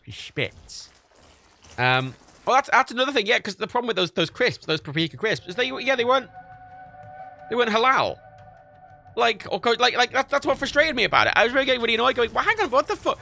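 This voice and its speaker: A man chatting casually while streaming a video game, swearing freely and jumping high in pitch when indignant. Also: very animated, fast, gravelly, pushed and bright, faint music behind. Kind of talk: casual gaming stream chat.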